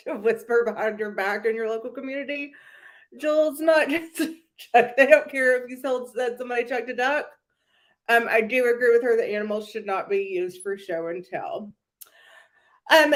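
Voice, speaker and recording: A woman's voice: fairly high pitch, moderate pace. A young woman hosting a casual commentary chat, gossipy and sarcastic, often breaking into giggles. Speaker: channel host.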